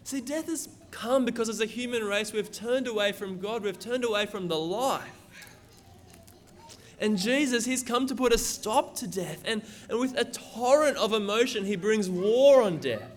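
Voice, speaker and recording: A man's voice: high-pitched, moderate pace. A man preaching a sermon, reading scripture aloud and explaining it in an earnest, emphatic way. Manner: earnest, emphatic, repeats words when stressing.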